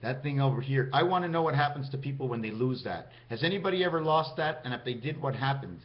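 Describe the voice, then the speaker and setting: A man's voice: mid-range voice, lively intonation, fast talker. A man talking in a meandering vlog monologue, counting out numbers and speaking directly to his viewers. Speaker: vlogger. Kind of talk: rambling numerology monologue to camera. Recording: dull lo-fi sound.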